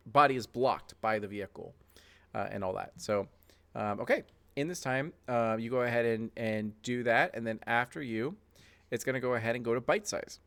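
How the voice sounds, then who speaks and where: A man's voice: mid-range voice, fairly bright tone, smooth. A man narrating as game master of a tabletop game, loose and chatty with many fillers.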